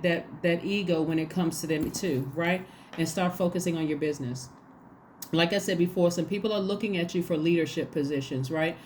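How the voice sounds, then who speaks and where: A woman's voice: lowish voice, a little mellow, a little hiss or hum. A woman giving a casual tarot reading, talking emphatically and acting out little quoted exchanges. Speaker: tarot reader.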